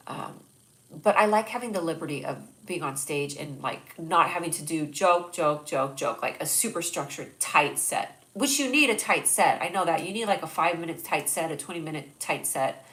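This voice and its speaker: A woman's voice: sits low, normal speed, fairly bright tone, low-quality recording. Rambling young woman with a stuffy nose. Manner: rambling, self-deprecating, reads chat jokes aloud. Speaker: host. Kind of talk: casual livestream chat.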